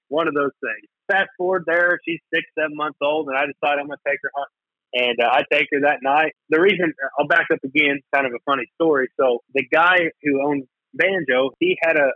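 A man's voice: on the high side, no echo, lo-fi sound. A man telling a funny story in a chatty way as a podcast guest. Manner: quick, chatty anecdote telling. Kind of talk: casual storytelling.

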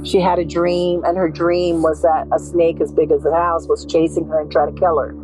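A woman with a somewhat low voice tells of her daughter's last months, reliving each conversation by voicing both herself and her child. Soft music sits faintly beneath her. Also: level tone, moderate pace, poor audio. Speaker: victim's mother, interviewee. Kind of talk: emotional personal recollection.

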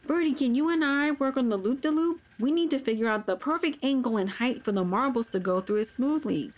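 A woman's voice: high-pitched, fairly quick, voice pushed up, lightly acted. A woman voicing an earnest young friend who worries easily. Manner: earnest, anxious at times.

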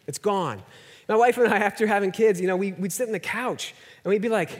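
A man with a high voice preaching a sermon in a casual, joking way. He drops almost to a whisper for emphasis, and his words ring out with a long reverb across a large church hall. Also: normal speed. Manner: conversational and self-deprecating, drops to near-whispers for emphasis. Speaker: pastor.

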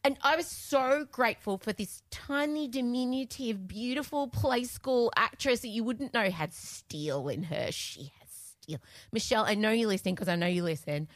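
A woman's voice: on the high side, expressive, moderate pace, no room sound. Chatty Australian woman, dry close mic. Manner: chatty, gossipy, laughs often. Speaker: podcast co-host. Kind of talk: casual chat.

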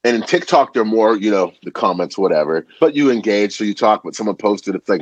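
A man who makes food videos, a guest on a podcast, talking in an animated and slangy way, full of filler words. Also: fairly low pitch, fast, slightly rough, no echo. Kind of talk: casual conversation.

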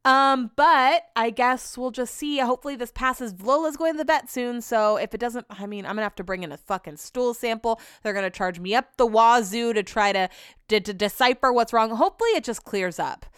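Brief: woman solo podcast host, smooth clear voice, dry close sound, loose, chatty and profane. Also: a little high, fairly quick, fairly bright tone, no echo. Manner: rambling, chatty, swears freely. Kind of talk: casual solo podcast chat.

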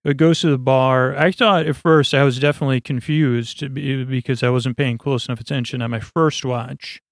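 A man with a gravelly voice of middling pitch drifts through a loose bedtime-style recap, full of fillers and side remarks. The recording is dry and close. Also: fairly even intonation, normal speed, no echo. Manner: rambling, lots of fillers and asides. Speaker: podcast host.

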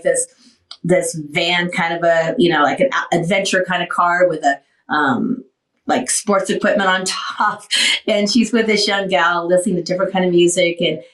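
A woman's voice: fairly low pitch, a bit bright, echoey room, distant mic, poor audio. A woman in her sixties hosting a casual radio talk show, emotional and rambling, getting short of breath as she talks. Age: 60s.

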